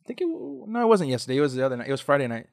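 A man's voice: medium pitch, sing-song, rapid-fire, vocal fry, crowd noise. A young man co-hosting a casual podcast chat, rambling with restarts and mimicked quotes. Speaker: podcast co-host.

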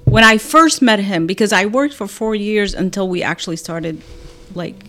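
A woman in her fifties from Syria, a podcast guest telling a personal story in a lively way, acting out what people said. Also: mid-range voice, normal speed. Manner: animated, acts out quoted voices with laughter. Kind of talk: casual storytelling.

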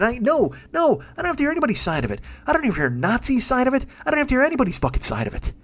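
Fast-talking, swearing man in his fifties. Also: high voice. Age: 50s. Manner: heavy swearing, fired-up ranting. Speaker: podcast host. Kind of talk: solo ranting monologue.

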